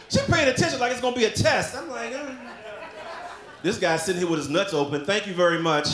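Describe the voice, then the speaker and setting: A man performing a brash stand-up comedy set, loud and often shouting. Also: fairly high pitch, noisy background.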